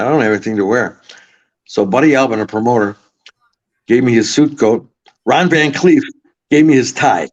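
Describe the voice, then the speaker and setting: A man from Buffalo, New York, a podcast guest, telling long rambling stories with swearing. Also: medium pitch. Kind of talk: casual storytelling. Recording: slightly muffled audio.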